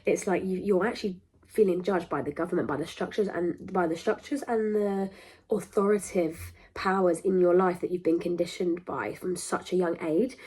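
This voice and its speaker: A woman's voice: lowish voice, steady tone, normal speed, warm tone, husky. A young woman hosting a podcast, talking in a rambling, emphatic, self-interrupting way. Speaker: podcast host. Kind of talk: casual monologue to camera.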